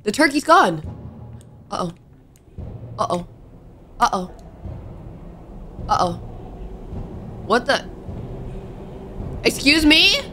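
A young woman narrating a horror game as she plays, excitable and talking to the characters on screen. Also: mid-range voice, takes it slowly, long pauses, a little hiss or hum. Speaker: gaming YouTuber. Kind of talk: let's play commentary.

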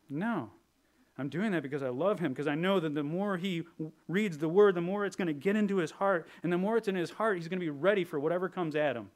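Conversational male pastor preaching. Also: a little high. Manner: conversational, jokey, drops into put-on voices. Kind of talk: sermon.

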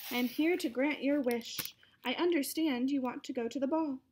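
Woman doing a sweet fairy godmother from a storybook, higher voice, calm and a bit bossy in a kind way. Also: normal speed, background noise, close to an everyday voice. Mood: cheerful. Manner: calm, instructive, gently commanding.

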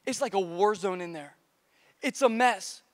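A man preaching a casual youth sermon as pastor, energetic and joking, recorded live in a church. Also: high-pitched, measured pace. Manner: energetic, playful, joking with repeated slang. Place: church auditorium, live service. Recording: long reverb of a church hall.

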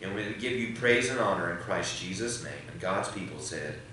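A man's voice: low voice, animated, moderate pace, sharp tone, slight background noise. A man preaching a sermon as pastor, building emphasis and leading prayer. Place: church sanctuary. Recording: echoey church hall, mic at a distance.

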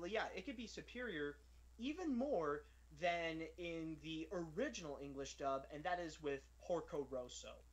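A man's voice: on the high side, low-quality recording. A man hosting a podcast, chatting casually about films in a rambling, enthusiastic way full of fillers. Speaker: podcast host. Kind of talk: casual film discussion.

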